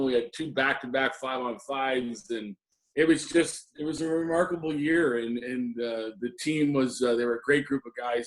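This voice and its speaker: A middle-aged man, a former assistant hockey coach, reminiscing in an interview with many ums and restarts. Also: medium pitch. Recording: roomy echo.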